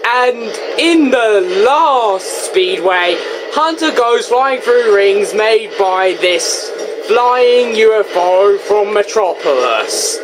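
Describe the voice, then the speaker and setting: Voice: medium pitch, lively intonation, slow, background noise. A game reviewer giving casual, goofy, rambling commentary with self-mocking asides. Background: game music.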